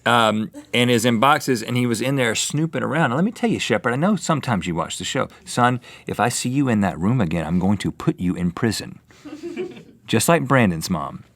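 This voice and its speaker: A man's voice: medium pitch, very animated, normal speed, fairly bright tone, no room sound. A man co-hosting a studio talk show, telling stories in playful, teasing comedic banter. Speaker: co-host.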